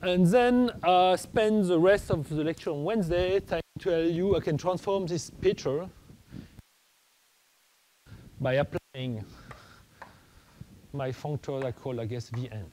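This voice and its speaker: Halting male math lecturer, mellow voice. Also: a little high, slight background noise, low-quality recording. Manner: halting, many restarts and fillers, thinking aloud.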